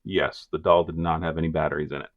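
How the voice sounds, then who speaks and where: This podcast co-host tells a case in deadpan, steady true-crime fashion with a very deep, gravelly voice. The recording sounds muffled but has no echo.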